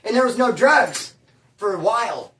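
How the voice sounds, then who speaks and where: A man's voice: high-pitched, lively intonation, moderate pace, fairly bright tone, distant mic, a little hiss or hum. Man, ex-con storyteller, streetwise and slangy, recorded a bit off-mic in an echoey room. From California. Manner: slangy, streetwise, peppers talk with bro and dude. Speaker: former prisoner telling stories. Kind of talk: casual storytelling monologue.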